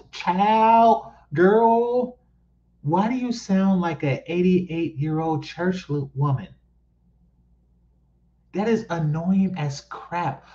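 The audio is muffled, and the man's voice sits a little high with a mellow quality. He's a commentary host from East Oakland, California, ranting over clips in a blunt, mocking style and repeating himself to drive points home.

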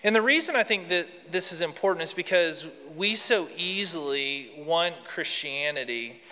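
A man's voice: fairly high pitch, animated, normal speed, pushed and bright. A man preaching a sermon and leading prayer in a large church, earnest and addressing the congregation directly. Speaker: pastor. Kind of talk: sermon with scripture reading and prayer. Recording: long hall reverb from a church.

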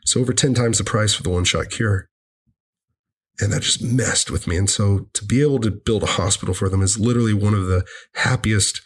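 A man sharing a personal story in an earnest, halting way, often repeating himself. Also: deep voice, breathy edge.

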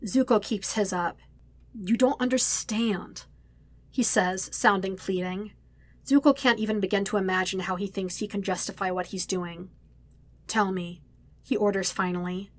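A woman reading a fan story aloud in a quiet, steady narrating voice. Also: mid-range voice, normal speed. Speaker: podfic reader. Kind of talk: audiobook reading.

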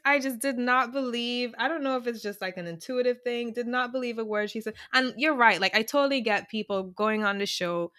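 A woman's voice: on the high side, a little fast, few pauses, pushed and bright, no room sound, studio quality. A woman co-hosting a podcast, chatting casually and animatedly, laughing often as she retells a reality show. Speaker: podcast co-host. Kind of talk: casual chat.

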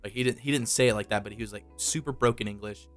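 A man's voice: lowish voice, quick pace, faint music behind. A young man, co-hosting a podcast and telling stories in a loose, profane, casual chat. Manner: loose storytelling with frequent profanity. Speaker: podcast co-host.

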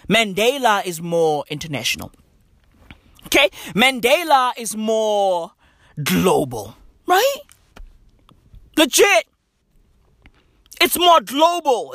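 A woman's voice: fairly high pitch, fairly bright tone, no room sound, clean studio sound. A woman from Africa, delivering a profane, slang-heavy comedic rant that keeps checking in with "right?". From South Africa.

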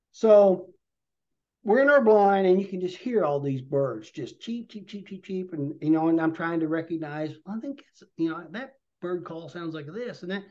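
A man's voice: a little high, darkish tone. A man, a podcast guest, telling a rambling hunting story in vivid detail and a casual way. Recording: dull lo-fi podcast audio.

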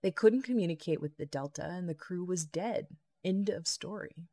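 Dry, matter-of-fact woman official, read by a woman, low and gravelly. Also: normal speed, warm tone. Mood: wry. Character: wry, hard-drinking woman official.

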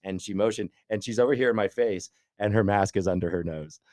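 Fast-talking man telling a story. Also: lowish voice, dry recording, clean studio sound. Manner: animated, rambling storyteller with many restarts. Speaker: podcast co-host. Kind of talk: casual storytelling chat.

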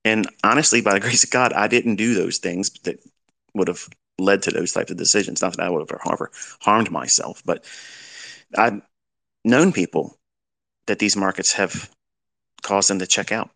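A man's voice: low voice, normal speed, vocal fry, pauses often, a bit bright. A middle-aged man lecturing as a trading mentor, giving blunt fatherly advice with rhetorical questions. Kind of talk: lecture-style talk.

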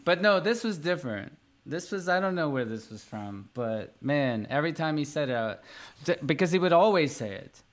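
A man's voice: a little high, very animated, normal speed. An American man hosting a casual podcast chat, joking and laughing often. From United States.

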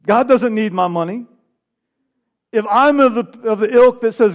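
A pastor with a high, bright male voice delivers a sermon to his congregation. His preaching swings between loud, forceful declarations and quiet, hushed lines. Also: moderate pace.

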